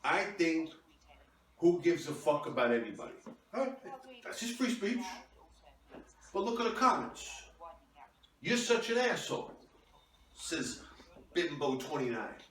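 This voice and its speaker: A man's voice: a little high, big pitch swings, unhurried, pauses often, fairly bright tone. Raised-voice online crusader ranting like he's at war, a comedian puts him on, echoey room, mic far off. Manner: profane, bullying, bombastic war talk. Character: ranting, self-important online free-speech warrior, man. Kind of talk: comedic character sketch.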